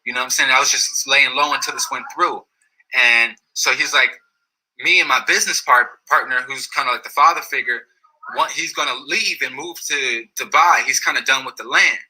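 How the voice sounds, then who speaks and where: A man's voice: medium pitch, normal speed, breathy edge, poor audio. A man casually telling a story in slangy speech, often restarting and repeating phrases. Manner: slangy, repetitive, restarts phrases, animated retelling. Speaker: storyteller recounting his experience.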